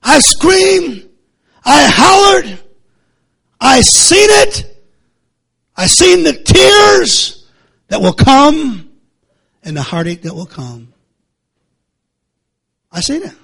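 A male preacher, delivering a fiery sermon that swings from low muttering to shouting, with many repeated words. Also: big pitch swings, drawn-out words, vocal fry, pauses often.

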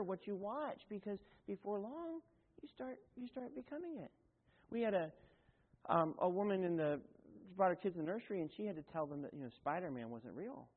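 Tinny pastor in echoing hall. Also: male voice, high-pitched, breathy edge. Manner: folksy and conversational, with asides and self-corrections. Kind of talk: sermon. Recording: tinny, phone-like sound in a long-echoing hall.

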